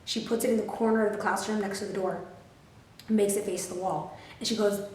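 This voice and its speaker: A woman in her twenties telling a storytime to her camera, animated, profane and full of "like" fillers. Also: mid-range voice, brisk, far from the mic, a little hiss or hum. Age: 20s. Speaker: vlogger. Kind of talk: storytime vlog. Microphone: camera filming herself. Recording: roomy, mic set back.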